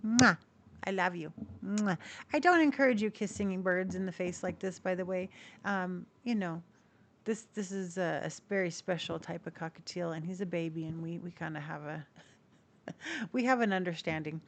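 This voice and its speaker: A woman hosting a casual tarot video, chatting to camera and cooing at her pet cockatiel in high baby talk. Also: fairly even intonation, normal speed. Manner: chatty, with restarts and soft laughs. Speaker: tarot reader and channel host.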